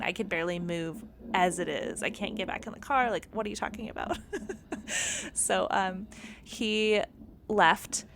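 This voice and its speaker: A young adult woman hosting a podcast, candidly telling a personal story and often laughing as she talks. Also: lowish voice. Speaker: podcast host. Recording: noticeable background noise.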